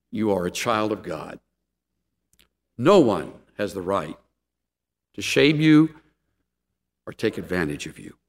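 A man preaching a sermon as a pastor, telling stories with laughs and acting out lines. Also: mid-range voice. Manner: animated storytelling with laughs and acted-out lines. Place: church sanctuary. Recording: echoey hall.

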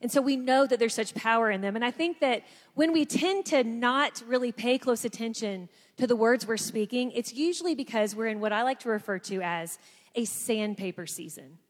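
A woman speaks to a gathered room, telling a personal story with lively energy and acting out the voices of others. Her voice sits fairly high, and it rings with a long reverb from the hall. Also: moderate pace. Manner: animated storyteller, acts out quotes. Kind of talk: storytelling talk to an audience.

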